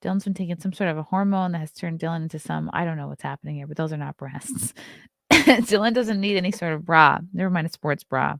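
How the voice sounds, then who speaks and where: A woman's voice: fairly low pitch, brisk, gravelly, fairly bright tone, dry recording, studio quality. A woman from Long Island with a Long Island accent, hosting a casual morning show, reading headlines aloud and riffing on them bluntly and sarcastically. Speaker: host. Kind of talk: casual morning livestream chat.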